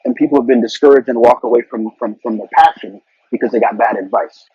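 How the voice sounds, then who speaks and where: Husky middle-aged man giving career advice. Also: medium pitch, quick pace, dark tone, dry recording. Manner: earnest, advice-giving, with frequent repeated words. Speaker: interview guest, corporate marketing executive. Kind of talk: casual conversational interview. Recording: dull, lo-fi sound.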